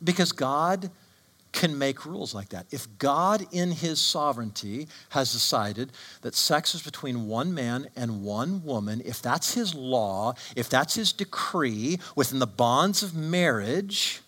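A man's voice: mid-range voice, animated, unhurried, pushed and bright. A man preaching a sermon with emphatic delivery and frequent rhetorical questions. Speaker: pastor.

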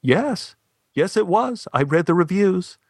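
A man storyteller voicing an energetic, excitable man who talks in effusive exclamations, much higher than his own voice. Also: measured pace, dry recording, studio quality. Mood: insistent. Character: hyper-energetic excitable man, bald, loud.

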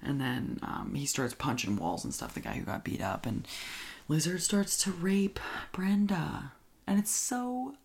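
Young woman with heavy vocal fry. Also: extremely low pitch, a little mellow. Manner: gushing, fillers of "like" and "oh my God", drops to whispers. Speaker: movie recap vlogger. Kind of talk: casual film recap and reaction.

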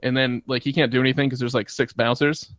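Animated young man telling stories. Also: medium pitch, quick pace, dry recording. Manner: animated, swears freely, acts out quoted lines. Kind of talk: casual storytelling chat.

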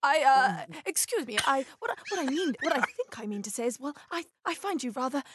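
A woman's voice: high voice, very animated, a little fast, heavy background noise. A woman putting on a bumbling, flustered British suitor who stammers in an over-polite way.

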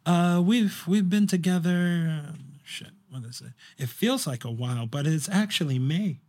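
A man's voice: high-pitched, normal speed, a little mellow. A young man chatting casually on a podcast, telling a story in a rambling way with lots of fillers and restarts. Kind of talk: casual chat.

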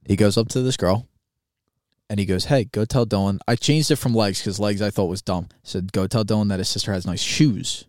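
A young man with a somewhat low voice tells a story in a flat, deadpan way, swearing casually. The sound is close and dry. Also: fairly quick, no echo. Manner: blunt, profane, deadpan storyteller. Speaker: podcast co-host.

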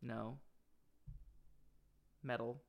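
A man's voice: mid-range voice, little pitch movement, drawn-out words, vocal fry. A man co-hosting a comedy podcast, reading a romance novel aloud with theatrical, mock-serious delivery and joking between passages. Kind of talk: comic dramatic reading and banter.

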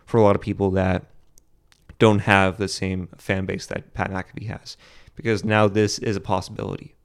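A man's voice: sits low, flat delivery, normal speed, smooth. A young man hosting a solo podcast, giving rambling, opinionated commentary full of restarts and fillers. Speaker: podcast host.

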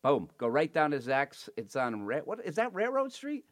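A man's voice: fairly high pitch, huge pitch swings, normal speed. A man hosting a cooking show, chatting and joking with a guest and reading sponsor spots. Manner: chatty, joking, repeats phone numbers. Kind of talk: casual chat and ad read.

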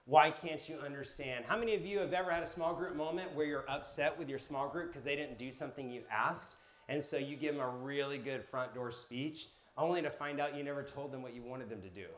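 A man preaching and teaching to a live group, energetic, asking the room questions and telling personal stories. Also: mid-range voice, fairly quick. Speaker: pastor teaching a class.

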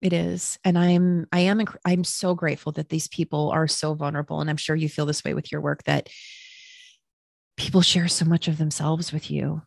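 This woman has vocal fry and talks at a normal speed, recorded dry with clean studio sound. A Midwestern matchmaker, she's a guest on a casual podcast, telling her story and animatedly acting out quotes in a raised pitch.

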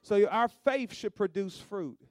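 A male pastor preaching a sermon, calling to the congregation and rising to loud emphatic bursts. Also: high-pitched, measured pace, no room sound, clean studio sound.

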